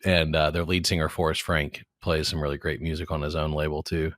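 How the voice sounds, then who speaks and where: Podcast host, man, forties: very low voice, bright forceful edge, dry close sound, rambling and jokey delivery. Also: level tone, a little fast, dry recording. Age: 40s. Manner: rambling, jokey, restarts words often. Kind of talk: casual chat.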